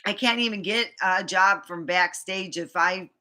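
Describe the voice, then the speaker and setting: A woman's voice: medium pitch, a little slow, pushed and bright. A woman vlogger ranting to the camera, frustrated, rambling and swearing often. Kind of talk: venting to camera.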